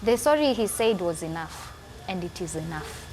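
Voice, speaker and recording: A woman's voice: on the low side, lively intonation, normal speed, darkish tone. A woman in her twenties, a guest telling her personal story in an earnest, emotional interview, with music underneath. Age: 20s. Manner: emotional, earnest, repeats phrases for emphasis.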